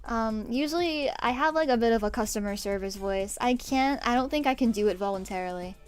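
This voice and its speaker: With soft music playing behind her, a young woman streams as a VTuber and draws, chatting casually through stories full of curses and laughter. Her voice is fairly high and clean-toned, and she talks a little fast.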